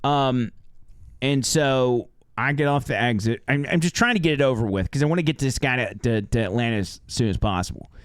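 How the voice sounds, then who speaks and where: Male storyteller, smooth resonant voice, dry close mic, animated, podcast. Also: mid-range voice, brisk, dry recording. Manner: animated, acts out the characters. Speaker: storyteller, rideshare driver.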